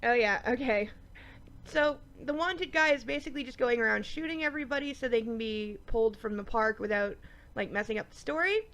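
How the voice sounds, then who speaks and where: A woman with a stuffy nose giving a chatty, animated review of a TV episode, with lots of ums. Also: on the high side, brisk. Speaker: TV show reviewer. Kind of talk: casual episode review vlog.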